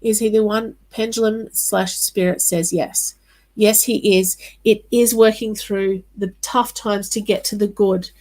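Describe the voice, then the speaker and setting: On a low-quality recording, a woman with a mid-range, steady, darkish voice does psychic card readings during a live stream. She speaks casually and reassuringly, addresses viewers by name, and frequently pauses on "um" and "all right."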